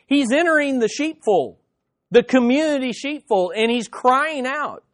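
Here a pastor preaches expository-style to his church, his voice pitched very high. He keeps things animated and conversational, often starting sentences over and tossing in fast, playful impressions.

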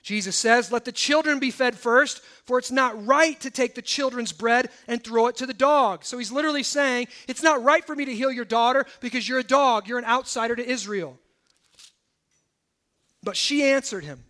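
Male pastor with a very high voice, preaching in an animated, chatty way. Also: moderate pace. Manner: lively, conversational preaching with acted-out quotes. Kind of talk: sermon.

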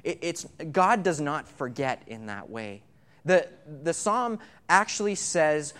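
A man's voice: fairly high pitch, very animated, slow pace, a bit bright. A man gives a sermon in a church, asking the congregation questions and drawing them in. His delivery is conversational, and he often repeats words as he starts a phrase. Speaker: pastor. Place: church sanctuary.

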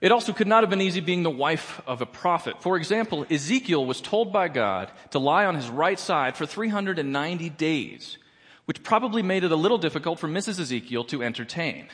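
A man's voice: on the high side, expressive, a little fast, a bit bright, husky, big-room sound. A man performing a stand-up comedy set in a church, with a wry, playful delivery. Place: church auditorium.

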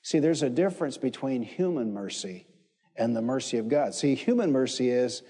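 A man's voice: medium pitch, expressive, moderate pace, warm tone, breathy edge. A man preaching a sermon, emphatic, repeating phrases and calling on the congregation to respond. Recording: echoey hall with long reverb.

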